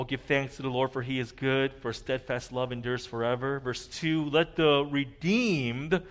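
A man preaching a sermon, earnest, rising to loud emphasis and dropping to a near hush at key points. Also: mid-range voice. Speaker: pastor.

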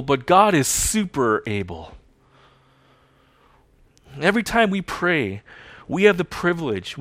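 An emphatic male pastor preaching a sermon, repeating his key lines for effect. He rises to loud declarations, then drops to quiet, drawn-out phrases, all recorded close and dry. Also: medium pitch, dry recording.

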